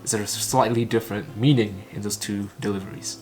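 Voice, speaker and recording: A fairly low, steady, slightly mellow male voice is heard over soft background music. The speaker, an English learner and channel host from Vietnam whose first language is Vietnamese, shadows a recorded talk line by line. He repeats it phrase by phrase in a halting, clipped way, often stumbling and starting again.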